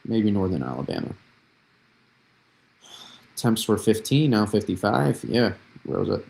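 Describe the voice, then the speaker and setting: This young New England weather streamer has a fairly low, gravelly yet slightly mellow voice, very animated but unhurried. Casually rambling through his forecast, he repeats himself and takes chat questions mid-stream.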